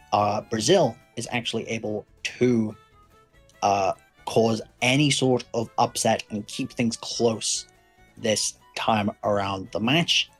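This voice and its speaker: A man giving play-by-play commentary on a competitive racing match, measured and hedging, with frequent fillers. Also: fairly low pitch, slightly rough, low-quality recording. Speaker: esports commentator.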